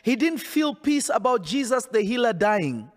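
A man's voice: very high voice, sing-song, normal speed. A man preaching a sermon in an emphatic, insistent way, often repeating his phrases.

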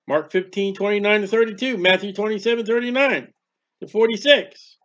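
A man preaches with a high, bright voice, stacking rhetorical questions and repeating lines as he goes. The recording is muffled and lo-fi. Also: moderate pace. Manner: fervent, repetitive preaching with rhetorical questions and acted-out prayers. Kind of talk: sermon.

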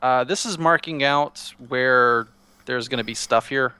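A man gives a friend a loose, rambling tour of a block-building game world and keeps restarting his sentences. His voice sits at a middling pitch. The sound is dry and close, with no room echo. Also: measured pace, bright, forceful tone, clean tone. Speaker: Minecraft server co-player. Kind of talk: casual gameplay chat.

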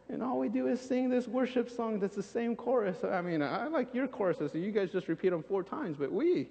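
A male preacher with a high voice delivers an animated sermon, acting out scenes and repeating phrases for emphasis. His words trail into a long church reverb, and the recording is muffled and dull. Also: brisk, creaky, few pauses. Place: church sanctuary.

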